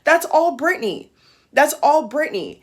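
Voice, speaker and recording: A woman's voice: sits high, big pitch swings, takes it slowly. A woman giving impassioned vlog commentary, emphatic and blunt, repeating phrases for emphasis and swearing. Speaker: YouTube commentator.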